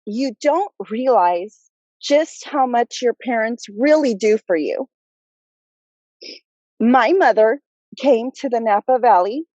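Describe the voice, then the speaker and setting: A woman giving an emotional memorial tribute from a graveside on a video call, pausing and choking up as she speaks. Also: on the high side, dark tone, dry recording, highs cut off. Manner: slow, choked-up, pausing. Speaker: family member giving a tribute. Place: outdoors at a cemetery graveside.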